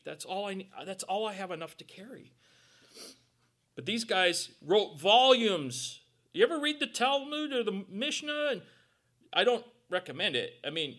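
A man's voice: sits high, a bit bright. A man preaching a conversational sermon as pastor, joking and acting out quotes and little sounds as he goes.

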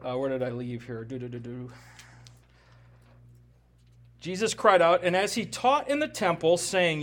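A fairly high-pitched, animated man in his forties delivers an expository sermon as a pastor, speaking a little slowly and pausing often. His style is conversational and emphatic, and he keeps checking in with the congregation with frequent "right?" tags.

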